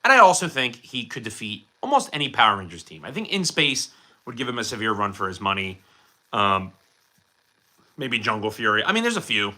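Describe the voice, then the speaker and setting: Young male streamer, very bright tone, casual rambling chat answering viewers. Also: fairly low pitch, sing-song, a little fast. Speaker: streamer showing his collection.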